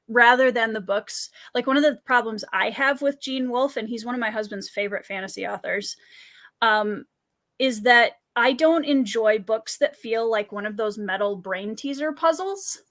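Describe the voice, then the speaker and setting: A woman hosting a casual podcast chat, talking in a quick, chatty way and laughing easily. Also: medium pitch, fairly bright tone. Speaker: podcast host.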